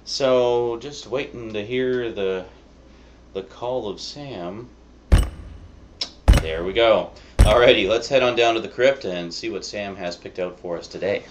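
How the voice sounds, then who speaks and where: Deep-voiced man hosting a review vlog. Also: measured pace, lo-fi sound, noisy background. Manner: wry, chatty, rambling asides. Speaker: video reviewer, show host. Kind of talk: casual review chat.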